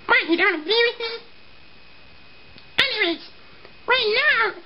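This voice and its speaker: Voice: very high-pitched, dull audio, a little hiss or hum. A performer voicing a cheerful male bookworm puppet who eats books, hosting a homemade review show. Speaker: book review show host.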